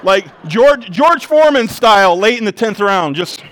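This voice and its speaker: High-voiced animated male pastor preaching. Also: moderate pace. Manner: animated preaching, swinging between loud emphasis and quiet intensity; conversational storytelling with self-deprecating humor. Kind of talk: sermon.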